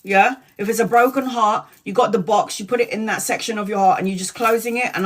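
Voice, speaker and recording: Her voice sits at medium pitch with fairly even intonation, and she talks fast. She's a forties-aged tarot reader doing an informal live stream, blunt and talkative, swearing liberally and naming viewers directly.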